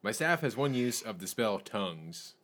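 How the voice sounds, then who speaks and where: Bright-voiced male player explaining a plan. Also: lowish voice, very animated, normal speed. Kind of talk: casual tabletop play.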